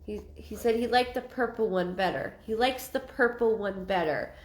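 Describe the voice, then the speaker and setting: A woman's voice: medium pitch, moderate pace, reverberant. A woman giving a live psychic reading, rambling and repeating herself with many ums. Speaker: psychic medium.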